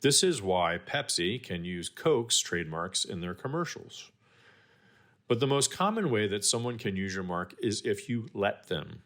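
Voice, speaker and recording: A man with a fairly low voice explains legal matters in a clear, measured, scripted way. His pitch moves around a lot, which keeps the lecture animated. Now and then he drops in a dry, wry aside. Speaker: guest expert on trademarks.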